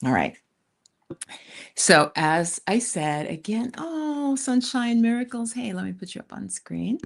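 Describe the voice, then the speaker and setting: A woman's voice: fairly high pitch, lively intonation, measured pace, vocal fry. A woman hosting a tarot live stream, chatting casually with viewers in a rented countryside room. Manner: chatty, warm asides to viewers, frequent "you guys". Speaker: tarot reader, channel host.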